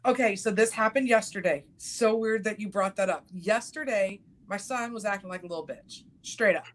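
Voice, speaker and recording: A woman's voice: mid-range voice, moderate pace. Blunt, cussing middle-aged woman host. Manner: blunt, swears freely, acts out quotes. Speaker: podcast host. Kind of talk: casual chat.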